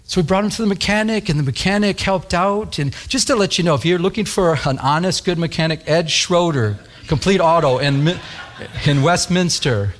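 A male pastor preaching in a storytelling sermon, his voice sitting a bit higher than most men's. He talks earnestly and conversationally and gets animated as he tells the story. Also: normal speed.

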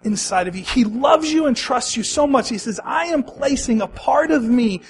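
A man with a very high voice preaches with passion. He repeats key phrases for emphasis and pulls the congregation in with questions and call-and-response. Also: animated, moderate pace, a little hiss or hum, poor audio. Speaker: pastor. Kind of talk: sermon.

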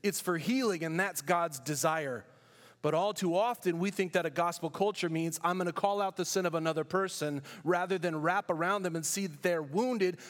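This high-pitched man is a pastor from California, preaching emphatically in church with rhetorical questions and storytelling detours. The audio has a big-room sound.

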